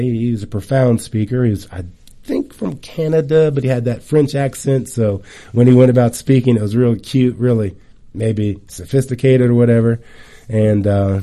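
A middle-aged man giving a casual wellness talk, chatty and animated, telling stories with lively asides. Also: mid-range voice.

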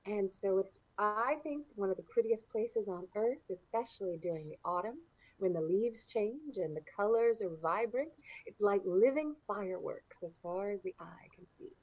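A woman's voice: medium pitch, animated, normal speed, a little mellow, dry recording. Southern lady gushing in colorful words, dry slightly muffled audio. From southeastern United States. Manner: effusive, uses lush descriptive words. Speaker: guest. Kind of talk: casual interview chat.

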